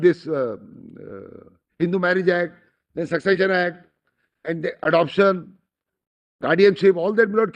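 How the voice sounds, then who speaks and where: A man with an Indian accent argues formally before judges, deferential and emphatic, constantly addressing the bench. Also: high-pitched. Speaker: lawyer arguing before a bench. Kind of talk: formal courtroom argument. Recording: dull lo-fi courtroom recording.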